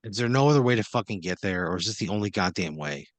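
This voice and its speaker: A man's voice: fairly low pitch, lively intonation, quick pace, no echo. Exasperated, swearing man in improv comedy. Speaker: improv player. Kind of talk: improvised comedy role-play.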